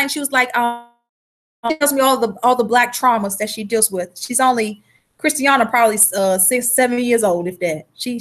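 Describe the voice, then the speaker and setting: A woman teaching an informal health class, talking in an emphatic, colloquial way and telling animated stories. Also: fairly high pitch. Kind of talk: informal live class talk.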